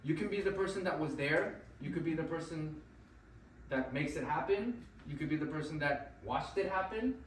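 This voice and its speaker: Animated male speaker in an echoey room. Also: a little high, normal speed, slight background noise. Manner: animated, keeps checking in with "right?". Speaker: motivational speaker at an event. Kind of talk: live storytelling to an audience. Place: event venue. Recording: echoey room, mic at a distance, faint ambience.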